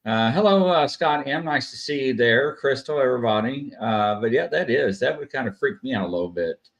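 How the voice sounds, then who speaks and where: A man's voice: mid-range voice, animated, a little fast. A man hosting a casual live stream, chatty and full of "uh" fillers, greeting viewers by name. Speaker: host.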